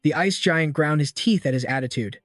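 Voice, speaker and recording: A man narrates a story recap in a steady, scripted read-aloud style. His voice sits a little high, and he barely changes it for the characters' lines. The sound is dry and close, with faint music underneath. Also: normal speed, no echo.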